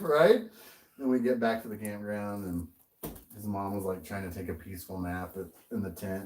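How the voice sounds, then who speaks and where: A man's voice: medium pitch, brisk, creaky, darkish tone, recorded from a distance, rough recording. A man co-hosting a podcast, telling a story in casual chat, swearing often and laughing as he goes. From American. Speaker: podcast co-host.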